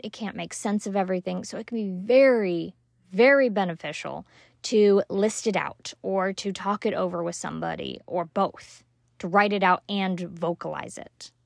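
Gravelly and mid-range, the woman's voice comes through clean and echo-free from a studio. She hosts a motivational parenting podcast solo, talking casually and emphatically, with occasional swearing and little performances of what stressed moms say.

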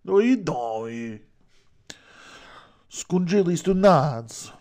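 A man voicing a loud Italian-American street guy with a heavy New York accent, heckling. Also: fairly high pitch, lively intonation, drawn-out words, voice pushed up, exaggerated voice.

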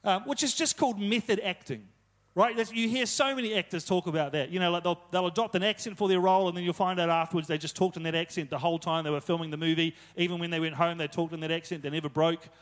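A man's voice: high voice, steady tone, fast talker, fairly bright tone. A young man preaching a casual, conversational sermon, retelling stories with joking asides.

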